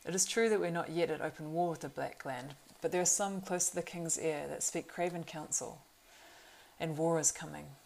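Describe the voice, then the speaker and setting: Brief: proud young male horse-lord, as a woman reads him; earnest, urgent; low, gravelly voice. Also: steady tone, moderate pace, a little mellow, a little hiss or hum, low-quality recording. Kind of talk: audiobook reading.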